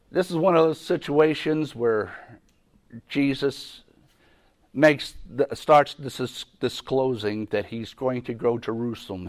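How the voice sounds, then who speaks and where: A man's voice: mid-range voice, vocal fry. A man teaching a Bible lesson in a conversational way, often repeating himself and restarting sentences. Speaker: preacher.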